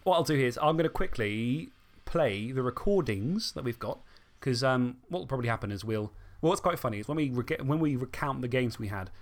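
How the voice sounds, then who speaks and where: A man hosts a podcast in casual banter. He talks quickly and his voice swings up and down a lot, and he is quick to joke and laugh. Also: medium pitch, animated. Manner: jokey, rapid, laughs often. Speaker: podcast host. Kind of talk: casual chat.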